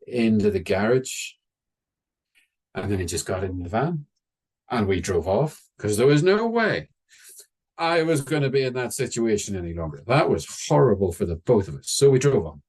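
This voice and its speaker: A man telling a story in a wry, conversational way, slowing down for dramatic moments. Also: fairly low pitch, a little mellow, husky. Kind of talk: oral storytelling.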